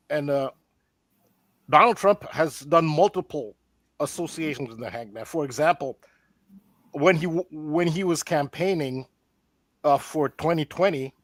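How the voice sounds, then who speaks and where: A man's voice: fairly high pitch, sharp tone, dry recording. A man on an online roundtable, earnestly laying out a theory, often restarting his sentences. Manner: earnest, explanatory, with frequent restarts. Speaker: roundtable guest presenting a theory. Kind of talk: casual online roundtable discussion.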